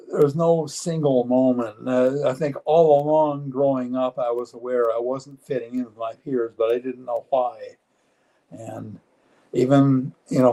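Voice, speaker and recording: Older male interview guest, 70s, mellow dark tone, earnest and plain-spoken, halting phrasing. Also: mid-range voice, poor audio. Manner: earnest, matter-of-fact, halting with frequent restarts. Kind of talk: live-streamed personal interview.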